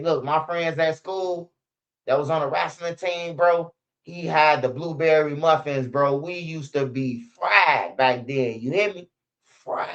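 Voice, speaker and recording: A man's voice: fairly high pitch, a bit bright, lo-fi sound. A young man, telling stories in a rambling, slang-heavy, profane way as a channel host. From Chicago. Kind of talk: casual storytelling commentary.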